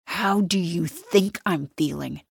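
A woman's voice: on the low side, unhurried, no echo, clean studio sound. Audiobook: woman voicing a captive man, growling threats that crack into pleading; strained altered timbre. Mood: menacing. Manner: hissing, growling, then pleading desperately. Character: angry trapped man, threatening then begging.

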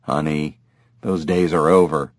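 A man voicing a weary, subdued middle-aged husband who speaks low and quietly. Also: fairly even intonation, measured pace, dry recording, studio quality. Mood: resigned.

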